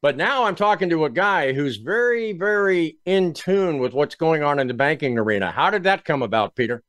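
A man's voice: a little high, expressive, normal speed, fairly bright tone, dry recording. A man hosting a business talk show, introducing and interviewing a guest in a folksy, emphatic way. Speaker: show host.

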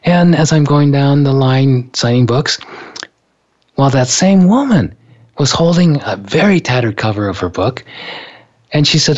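A man's voice: mid-range voice, expressive, a little slow, darkish tone, lo-fi sound. A male author telling a personal story in conversation, earnest, and often repeating words as he recalls events. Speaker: author and speaker.

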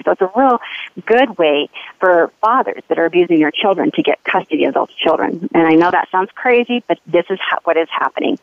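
A woman's voice: fairly low pitch, no room sound. A woman giving an earnest personal testimony as a mother, telling her story with urgency. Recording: tinny phone line.

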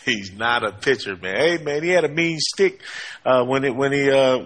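A man hosting a sports talk show, energetic, with lots of "hey, man" and "uh" between points. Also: mid-range voice, moderate pace. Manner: energetic, frequent fillers and 'hey, man'.

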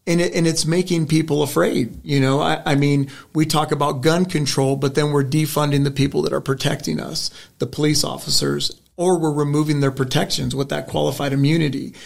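A middle-aged state senate candidate answers an interview question in an earnest, rambling, story-like way, often restarting his sentences. His voice is on the high side and creaky, with a flat, brisk delivery and few pauses.

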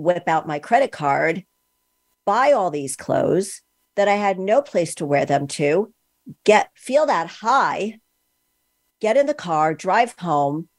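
A woman's voice: on the low side, no echo, clean studio sound. A woman hosting a podcast interview, asking long, rambling questions full of fillers. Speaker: podcast host. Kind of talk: casual interview talk.

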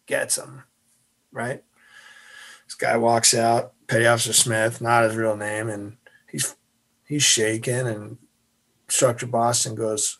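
A man's voice: medium pitch, a little slow. A man, a former navy officer, telling a story as a guest in an interview, acting out the voices.

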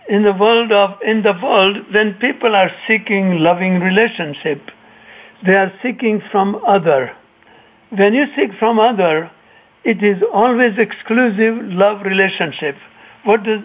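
High-voiced man on a tinny phone line. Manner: halting, restarts phrases, reflective. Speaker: yoga teacher and author. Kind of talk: radio interview answers.

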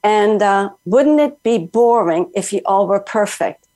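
A woman's voice: mid-range voice, expressive, unhurried, darkish tone. A woman author speaking as a guest in an earnest, flowing motivational style. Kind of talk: motivational talk.

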